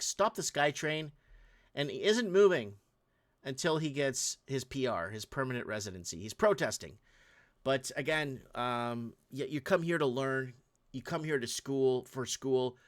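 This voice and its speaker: A man's voice: mid-range voice, a bit bright. A man hosting a show, giving casual, ranting commentary over video clips and talking straight to viewers. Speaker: host.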